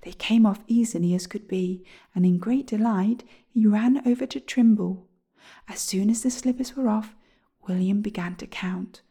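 A woman reading a storybook aloud to children, gentle and soft, often half-whispered. Her voice is mellow and dark with a gravelly creak. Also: medium pitch, moderate pace.

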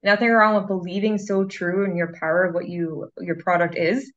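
A woman's voice: lowish voice, fairly even intonation, moderate pace, fairly bright tone. A woman hosting a casual interview, responding to her guest with enthusiasm and agreement. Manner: enthusiastic, affirming. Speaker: host. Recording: dull lo-fi audio.

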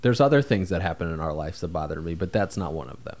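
Easygoing low-voiced man podcast co-host. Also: expressive, fast talker, a little mellow. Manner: rambling, easygoing, self-deprecating. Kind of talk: casual podcast chat.

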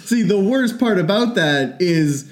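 A man's voice: high-pitched, lively intonation, unhurried. A young man co-hosting a casual podcast, joking and sarcastic. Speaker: podcast co-host. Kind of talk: casual chat.

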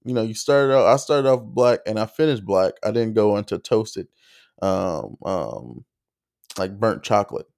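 Gravelly low-voiced man telling a story. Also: lively intonation, a little slow, darkish tone. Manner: rambling, lots of fillers and restarts. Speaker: comedian. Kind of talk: casual comedic storytelling.

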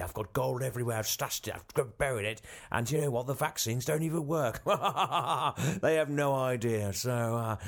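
A man puts on a bumbling prime minister who blusters down the phone, stumbling over his words and padding every thought with fillers. His pitch sits mid-range, and he pushes it well up whenever he gets flustered. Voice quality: bumbling, rambling, full of filler. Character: blustering disgraced male prime minister, middle-aged. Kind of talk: comedy sketch phone call.

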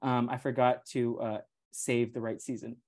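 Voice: medium pitch, level tone, normal speed, a little mellow. Teasing, slangy podcast host. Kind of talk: casual chat.

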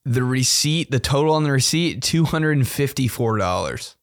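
A man's voice: medium pitch, animated, moderate pace, dry recording, clean studio sound. A young man hosting a podcast, telling a story in a casual, profane, slangy way and laughing often. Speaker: podcast host.

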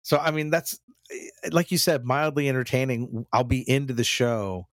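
A man's voice: medium pitch, steady tone, moderate pace, dry recording, studio quality. A man chatting casually as a podcast co-host, candid and profane, often restarting his sentences. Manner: candid, profane, mimics lines while he talks. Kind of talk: casual chat.

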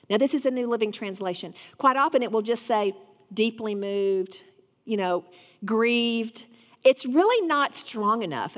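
A woman's voice: on the high side, big-room sound. A woman giving an earnest devotional Bible teaching, rising to fervent emphasis.

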